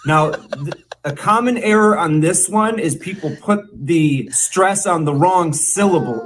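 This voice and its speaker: A man hosting a podcast, presenting a mock language lesson with a teasing, drawn-out teacher delivery. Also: a little high, a bit bright, a little hiss or hum. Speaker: podcast co-host.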